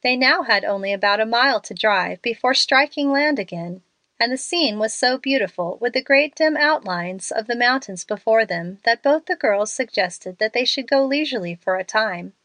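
A woman's voice: moderate pace, no room sound. Lady reading a story, voices the characters, super dry mic. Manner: expressive, lifts pitch for the young women's lines. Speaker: audiobook narrator.

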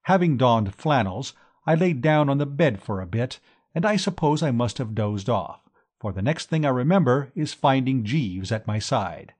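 A man narrating a comic novel in the first person, brisk and jaunty. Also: medium pitch, expressive, darkish tone, slightly rough. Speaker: audiobook narrator.

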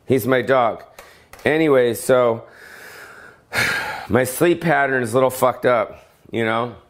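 A man's voice: mid-range voice, slow pace, a bit bright. A middle-aged male comedian ranting alone, profane and rambling, full of fillers and tangents. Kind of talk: solo comedic rant.

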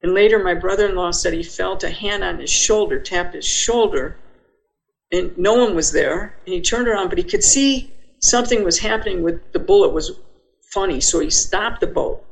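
Gravelly older woman telling her story. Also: on the low side, moderate pace, poor audio. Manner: vivid retelling, acts out her own thoughts. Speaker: podcast guest. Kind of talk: personal storytelling.

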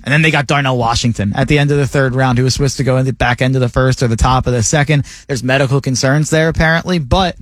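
Excitable man talking football. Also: quick pace, few pauses, no echo. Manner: enthusiastic, pitch jumps up when excited. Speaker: co-host, draft analyst. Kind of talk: casual sports radio talk. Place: radio studio.

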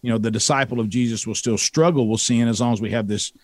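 A man's voice: medium pitch, quick pace, dry recording. A middle-aged man from the South, a radio co-host telling stories in a casual interview and acting out the voices in them. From American South. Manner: animated, acts out voices in his stories. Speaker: radio show co-host, guest.

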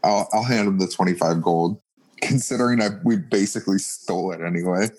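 Low-voiced man haggling in a game. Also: brisk, darkish tone, poor audio. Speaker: player. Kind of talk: tabletop role-play.

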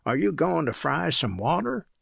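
A rough, slangy tramp by a creek who bosses a kid around, as a male narrator puts him on. The gravelly voice sounds dry and close, pitched a little higher than the narration. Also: sing-song, normal speed, a bit bright, no room sound, exaggerated voice. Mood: mocking. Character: gruff, bossy adult male tramp.

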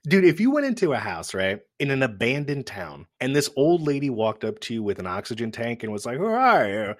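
A man's voice: mid-range voice, a little fast. A man hosting a podcast, chatting casually about a film, swearing often and laughing as he tells it. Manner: profane, laughing, animated storytelling. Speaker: podcast host. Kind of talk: casual chat.

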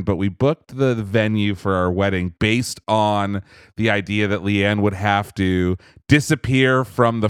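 A young man co-hosting a podcast, telling a long story in a casual, animated, self-amused way. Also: on the low side, clean tone, no room sound, clean studio sound. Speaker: podcast co-host. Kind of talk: casual chat.

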